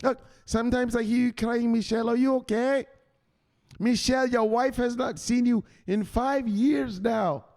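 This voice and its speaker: A man voicing a fretful, doting older mother who pleads with her son in drawn-out, flowery endearments. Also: extremely high pitch, steady tone, darkish tone, pitched above the performer's own voice. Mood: doting, pleading.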